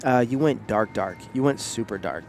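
A man's voice: lowish voice, animated, normal speed, vocal fry, darkish tone, soft background music. Playful joking man hosting a podcast. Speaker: podcast host. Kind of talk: casual chat.

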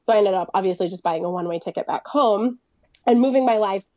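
A woman, a guest on a casual podcast, telling a personal story in an animated way, acting out what was said and laughing often. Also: mid-range voice, fast, dry recording. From United States. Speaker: guest, photographer and business owner.

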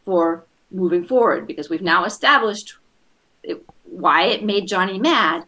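A woman's voice: fairly low pitch, animated, measured pace, sharp tone. A woman coaching a parent on running family meetings, patiently explaining steps and acting out short scenes. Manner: patient, acts out kids' voices in quotes. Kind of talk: advice session.

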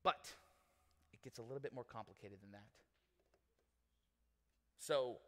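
A man's voice: mid-range voice, unhurried, pauses often. A male pastor preaching a sermon in a casual, joking, conversational way. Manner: conversational, animated, joking with the audience. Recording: long reverb in a large hall.

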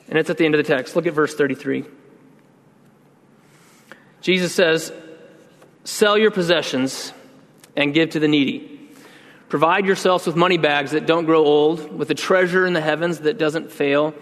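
A man's voice: on the high side, a bit bright. Man preaching in a reverberant hall. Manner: earnest, conversational preaching with slowed emphasis. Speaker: pastor. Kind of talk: sermon. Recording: long reverb in a large hall.

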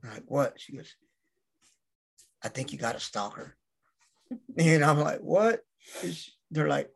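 A man's voice: on the high side, lively intonation, moderate pace, creaky, pauses often. A middle-aged man, a guest on an interview, telling casual anecdotes and acting out other people's lines. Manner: acts out the voices of people in his stories. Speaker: interview guest, wrestler and manager.

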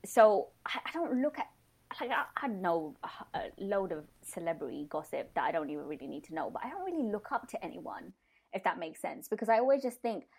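A woman chatting as a podcast guest, animated and quick to laugh. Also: mid-range voice, breathy edge. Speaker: podcast guest, blog founder. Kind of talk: casual podcast chat.

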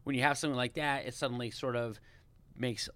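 A man co-hosting a studio podcast who reasons through each point at length. He speaks quickly in a mid-pitched voice. The sound is dry and close-miked. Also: fairly even intonation, sharp tone, no echo. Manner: analytical, talks things through at length. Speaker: podcast co-host. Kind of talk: casual studio chat.

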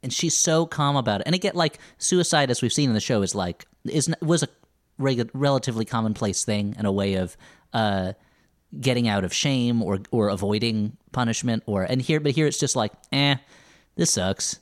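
Podcast guy chatting about a show, mid-pitched, keeps restarting his thoughts. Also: a little fast, no echo, clean studio sound. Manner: thoughtful, restarts sentences while searching for words. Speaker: podcast co-host. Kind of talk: casual chat about a TV series.

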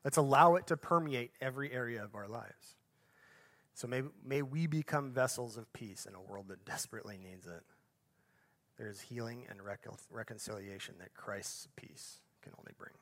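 A male pastor giving a sermon, each phrase swelling up and then dropping off to a soft, hushed finish, with conversational asides and self-corrections along the way. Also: medium pitch, moderate pace.

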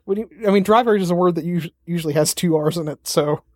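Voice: medium pitch, fast, dry recording, studio quality. A podcast co-host in casual chat, rambling and swearing freely as they joke around. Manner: rambling, profane, joking. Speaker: parent.

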